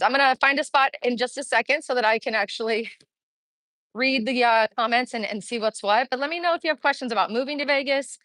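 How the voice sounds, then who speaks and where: Breathless woman host with a higher voice, chatty and upbeat, talking into a phone on a walk outdoors. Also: fairly bright tone, no room sound. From Kansas City, Missouri. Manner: chatty, upbeat, answers viewer comments while walking. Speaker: Las Vegas real estate vlogger. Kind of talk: live-streamed walking vlog. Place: outdoor street, in summer heat. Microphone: phone held while walking.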